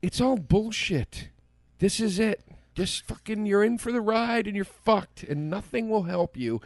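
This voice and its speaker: A man's voice: sits high, expressive, measured pace, no echo. A young man co-hosting a podcast who rants in a gloomy, profane way during casual chat. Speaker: podcast co-host.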